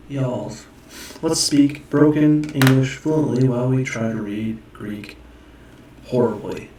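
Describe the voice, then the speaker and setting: Casual male teacher, unhurried and self-correcting, recorded from a distance in a very echoey room. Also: medium pitch, a little mellow. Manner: rambling, self-correcting, sounds words out. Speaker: self-taught Greek learner teaching viewers. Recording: echoey room, mic far off, faint noise.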